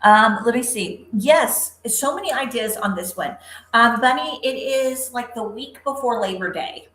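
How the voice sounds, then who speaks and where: A woman's voice: a little high, animated, measured pace, a bit bright, reverberant, poor audio. A woman hosting a live craft demo, chatting upbeat with viewers by name while she works. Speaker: craft livestream host.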